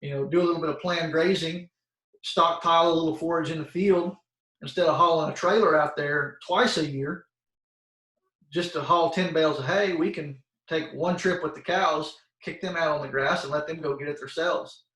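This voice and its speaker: Speaking to kids on a video call, a soil health expert delivers a folksy, plain-spoken educational talk full of filler pauses and restarted sentences. His voice is slightly high, steady, and fairly bright, set back from the microphone in a roomy, echoing space.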